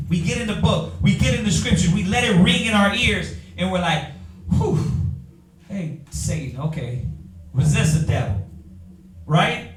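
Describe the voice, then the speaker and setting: Man, Bible class teacher, preaching, rhetorical questions, high voice, echoey room, far from the mic. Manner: fires rhetorical questions, calls on readers.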